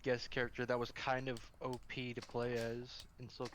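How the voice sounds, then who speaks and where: A man's voice: mid-range voice, monotone, normal speed, a bit bright, a little hiss or hum. Joking young man in stream banter. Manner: crude joking banter, explains game details. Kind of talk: casual chat on a game stream.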